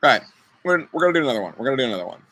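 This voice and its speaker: Bright-voiced young man hosting riddles. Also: mid-range voice, big pitch swings, rapid-fire, no room sound, poor audio. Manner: chatty, playful, talks to kids by name. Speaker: youth group leader. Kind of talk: casual online riddle game. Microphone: computer mic on a video call.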